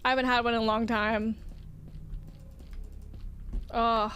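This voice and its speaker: A young woman streaming a game, chatting casually and softly with her viewers in a gushing, sing-song way. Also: fairly high pitch, little pitch movement, slow pace, slight background noise. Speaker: livestreamer. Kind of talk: casual chat with viewers while gaming.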